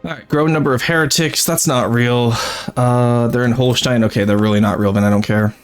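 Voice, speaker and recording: A man's voice: mid-range voice, fairly even intonation, a little fast, clean tone, soft background music. A young man streaming a strategy game, chatting casually and rambling, laughing often and talking to his chat. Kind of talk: casual gameplay commentary.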